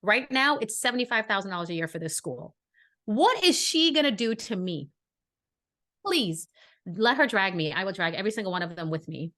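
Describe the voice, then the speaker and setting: A woman's voice: mid-range voice, animated, moderate pace, bright, forceful tone. A woman podcast co-host, from Brooklyn, telling a story in casual chat and acting out the dialogue with indignant energy.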